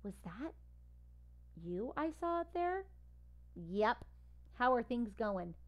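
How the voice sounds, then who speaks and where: A woman's voice: fairly high pitch, very animated, takes it slowly, lo-fi sound. A woman reading a storybook aloud, voicing a friendly, chatty male mockingbird.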